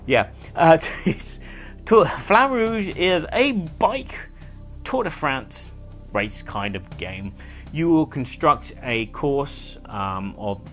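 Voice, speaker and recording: A man's voice: medium pitch, a bit bright. A man hosting a casual board game review video, explaining rules in a chatty, rambling way with fillers and self-corrections. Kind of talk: casual monthly review chat.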